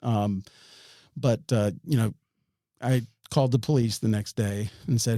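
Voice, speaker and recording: A man's voice: lowish voice, moderate pace, creaky, mellow, no echo, studio quality. A man, a podcast guest, tells a story in a rambling way, with many restarts and chuckles. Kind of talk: storytelling in an interview.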